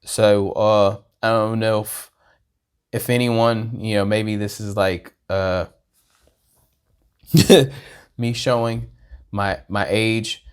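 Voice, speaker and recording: Unhurried rambling male vlogger. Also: on the low side, clean tone. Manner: rambling, self-deprecating, swings from hushed asides to excited bursts. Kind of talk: casual reaction vlog chat.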